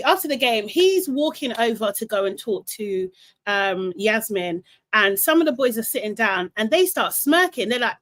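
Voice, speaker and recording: A young woman hosts a casual live recap stream, chatty and animated, laughing often and reading out comments from the chat. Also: fairly high pitch. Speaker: live show host.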